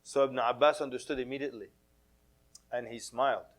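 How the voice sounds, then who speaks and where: An Islamic preacher with a steady, mid-range voice speaks a little fast, giving a casual sermon to a mosque audience. He tells humorous stories, acts out quoted voices and mixes in Arabic religious phrases.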